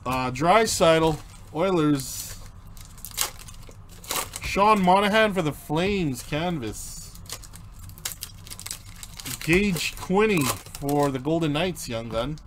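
A man's voice: on the high side, lively intonation, drawn-out words, pauses often, fairly bright tone, slight background noise. A man hosting a live card break. He reads out player names as he opens the packs and chats casually with viewers. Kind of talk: live card-opening commentary.

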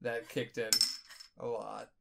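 A tipsy young man co-hosting a casual podcast, with a medium-pitched voice. He rambles and swears freely, and he keeps jumping into loud, animated playacting. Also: slow pace, creaky, heavy background noise. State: drunk. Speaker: podcast co-host.

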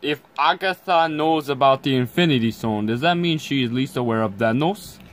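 A man's voice: medium pitch, moderate pace. Offhand goofy teen boy chatting. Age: teens. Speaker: co-host. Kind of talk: casual chat.

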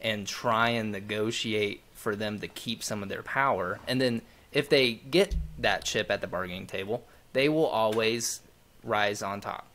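A man's voice: fairly low pitch, unhurried, fairly bright tone. A young man co-hosting a podcast, talking in a loose, rambling way with lots of asides. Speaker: podcast co-host. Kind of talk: casual chat.

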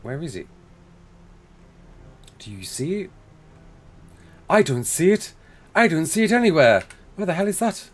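A man's voice: fairly high pitch, very animated, unhurried, pauses often, a little hiss or hum. A young man live-streaming a building game, chatting casually, reading out chat messages and talking himself through each step.

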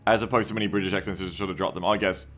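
A man's voice: low-pitched, steady tone, very fast, fairly bright tone, faint music behind. A man streaming a game live, chatting casually and reading viewer comments aloud. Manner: chatty, reads viewer comments aloud, often second-guesses himself mid-sentence.

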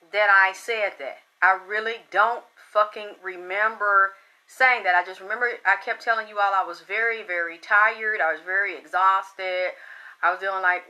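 A woman host telling a story in a casual monologue, blunt and profane, who gets excitable and repeats herself. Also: medium pitch, poor audio. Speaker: spiritual reader and channel host.

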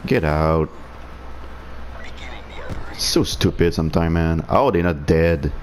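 A gaming streamer narrates his own online shooter match live, muttering in frustration with sarcastic, sweary remarks. He speaks English as a non-native speaker whose first language is French. His voice is deep and slow with long pauses, over slight background noise.

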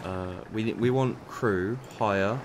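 Over a noisy background, a man with a lowish voice talks slowly through a game he's playing and reviewing. The commentary is casual and rambling, full of stumbles, repeated words and muttered asides.

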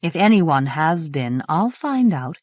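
A woman's voice: deep voice, big pitch swings, slow pace, no echo, exaggerated voice. A woman reading the lines of a stern male headmaster in a cold, threatening tone, from a dull 1980s cassette recording. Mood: icy threat. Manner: cold, clipped delivery.

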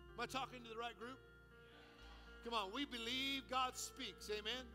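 A man's voice: extremely high pitch, steady tone, normal speed, bright, forceful tone. A man preaching a sermon as pastor, impassioned and commanding, in a church sanctuary. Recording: music under a reverberant hall.

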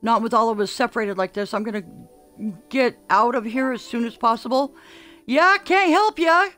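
An older woman livestreaming a game, chatting excitedly and calling out orders to her teammates. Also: fairly high pitch, brisk, soft background music. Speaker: gaming streamer. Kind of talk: live gameplay commentary.

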